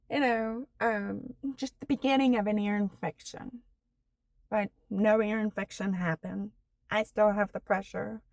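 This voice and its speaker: A woman in her forties telling her own story on a personal vlog, slow and halting, with many fillers, earnest and candid. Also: medium pitch, gravelly, no echo. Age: 40s. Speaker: vlogger.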